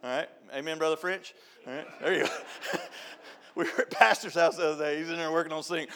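A man's voice: a little high, fairly even intonation, fairly quick. A middle-aged man, preaching a folksy, joking sermon as a church youth director. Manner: storytelling, joking, shouts and laughs at punchlines. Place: church sanctuary.

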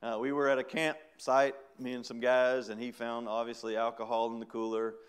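A man's voice: medium pitch, little pitch movement, moderate pace, clean tone. Middle-aged man telling a sermon story. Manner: storytelling, chatty, with laughs. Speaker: preacher giving testimony. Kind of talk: sermon testimony.

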